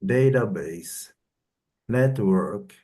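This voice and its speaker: A man learning English on a video call, repeating practice words slowly and carefully. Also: fairly low pitch, expressive, dark tone.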